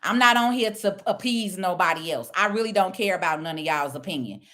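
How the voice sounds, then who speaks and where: A woman's voice: lowish voice, lively intonation, fairly quick, sharp tone. A woman speaking blunt, preachy casual talk, lecturing her viewers. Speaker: online commentator. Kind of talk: casual direct-to-camera talk.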